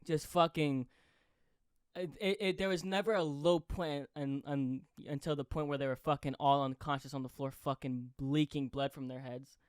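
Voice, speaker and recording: A young man hosting a podcast, chatting excitedly, swearing constantly and yelling when he relives big moments. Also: fairly high pitch, normal speed, clean tone, dry recording, clean studio sound. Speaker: podcast host. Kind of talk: excited casual chat.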